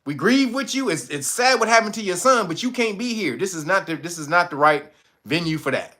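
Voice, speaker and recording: Animated high-voiced man ranting with laughter. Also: fairly quick. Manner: animated, laughs often, profane slang. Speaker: commentary show host. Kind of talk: casual news commentary.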